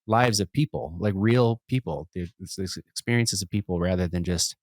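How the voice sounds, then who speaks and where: A man talking as a podcast guest in a relaxed, reflective, rambling way with frequent restarts. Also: deep voice, moderate pace, dry recording. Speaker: podcast guest, musician and entrepreneur. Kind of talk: casual conversation.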